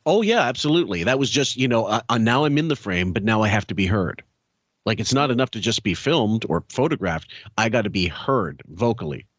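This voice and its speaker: A man co-hosting a podcast, chatting in a crude, joking way with quick laughs. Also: lowish voice, lively intonation, no room sound. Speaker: podcast co-host. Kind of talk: casual podcast commentary.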